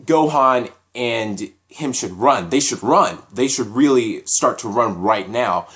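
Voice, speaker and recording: A man giving a casual solo anime episode review, talking in an animated, repetitive way as he thinks aloud. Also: mid-range voice, slow.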